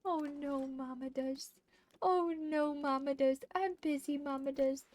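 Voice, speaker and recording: A woman's voice: high voice, unhurried, a little mellow, slight background noise, pitched above the performer's own voice. Woman voicing a whiny mopey pet dog. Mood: whining. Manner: whiny, pleading.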